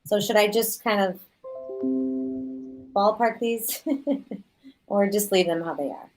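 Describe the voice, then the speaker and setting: A woman chairing a school council meeting over a video call, casual and quick to laugh. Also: medium pitch, a little mellow, faint music behind, rough recording. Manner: casual, laughing, running the vote.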